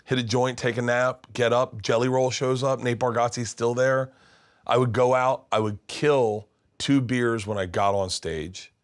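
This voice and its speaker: A comedian in his fifties telling stories in a rambling, animated way, full of restarts. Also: medium pitch. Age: 50s. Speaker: comedian guest. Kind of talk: casual storytelling. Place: his studio.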